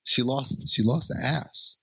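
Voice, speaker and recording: A man's voice: mid-range voice, fairly even intonation, slow, vocal fry, a bit bright, husky, no room sound. A man co-hosting a movie podcast, casual and crude, reading out his own viewing notes. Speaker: podcast co-host. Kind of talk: casual movie review chat.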